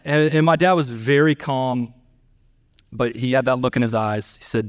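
A middle-aged man preaching a sermon to his church, telling a family story in an earnest way and lifting his pitch to act out the people he quotes. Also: fairly even intonation, moderate pace, clear, resonant tone, no echo, clean studio sound. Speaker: pastor.

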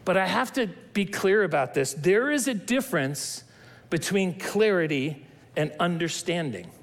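A man preaching a sermon, reading scripture and then teaching with emphatic, animated delivery and acted-out dialogue. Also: high-pitched, unhurried, vocal fry. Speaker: pastor.

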